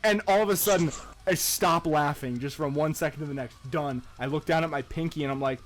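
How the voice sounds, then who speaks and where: Brisk and fairly high-pitched, a young man who co-hosts a podcast spins a story in casual talk with soft music behind him. Laughter and plenty of swearing run through his animated, profane account.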